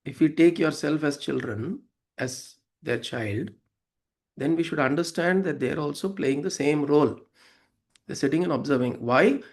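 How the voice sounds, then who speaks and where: A spiritual teacher with a slightly high voice gives a devotional talk at a moderate pace, explaining verses to listeners. He is conversational, acts out quoted voices, and often checks in by asking "right?".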